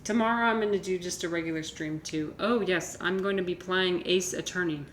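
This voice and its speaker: Casual woman streamer, talks in loose rambling bursts; low-pitched, recorded in an echoey room. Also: a little fast. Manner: chatty, rambling, many fillers and restarts. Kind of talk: casual chat with viewers. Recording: echoey room with faint noise.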